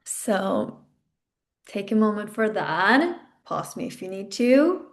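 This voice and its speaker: A woman's voice: medium pitch, big pitch swings, slow. A woman hosting a podcast, guiding a self-development exercise in an intimate, frank way, swearing casually. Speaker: podcast host and coach.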